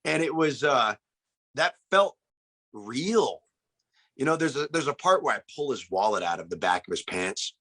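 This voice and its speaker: A man's voice: mid-range voice, sing-song, normal speed, pushed and bright, breathy edge. A man talking about making a film in a casual interview, earnest and reflective, often restarting his sentences. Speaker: actor in the film.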